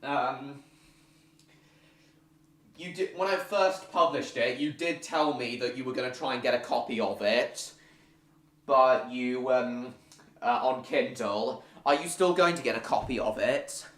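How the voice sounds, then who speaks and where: Bright-voiced man chatting on stream. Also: mid-range voice, roomy sound. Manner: chatty, halting with fillers and restarts. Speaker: live stream host. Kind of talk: casual live stream chat reading comments.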